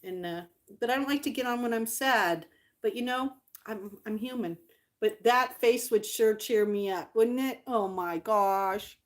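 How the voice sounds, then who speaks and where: A woman's voice: on the high side, unhurried. Chatty woman vlogger cooing over old dolls. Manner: chatty, doting, rambling with fillers. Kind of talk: casual livestream chat.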